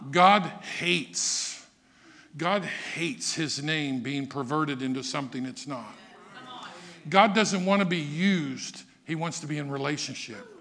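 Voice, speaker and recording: High, gravelly preacher man, dramatic. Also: takes it slowly. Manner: dramatic, swings from quiet to shouting, acts out quotes. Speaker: pastor. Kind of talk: sermon.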